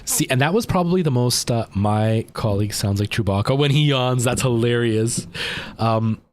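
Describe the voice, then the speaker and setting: A man's voice: mid-range voice, moderate pace. A man livestreaming a game, chatting casually and rambling to his chat while he plays. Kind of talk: casual gameplay stream chat.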